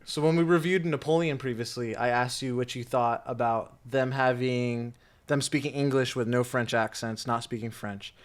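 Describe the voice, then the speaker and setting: A man's voice: medium pitch, moderate pace. A young man co-hosting a casual movie review chat, asking curious questions and reacting with laughs. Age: young adult.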